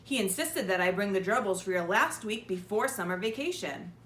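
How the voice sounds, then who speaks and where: A woman voicing a brisk, matter-of-fact lady in a children's story. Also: mid-range voice, expressive, a bit bright, recorded from a distance, slight background noise, close to an everyday voice. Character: brisk older woman, Missus Big. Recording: echoey room.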